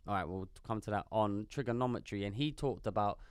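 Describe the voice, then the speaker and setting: A man co-hosting a podcast, talking in halting bursts with many restarts. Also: fairly low pitch, clear, resonant tone, no room sound, clean studio sound. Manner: halting, full of restarts and fillers. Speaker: podcast co-host. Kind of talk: casual chat.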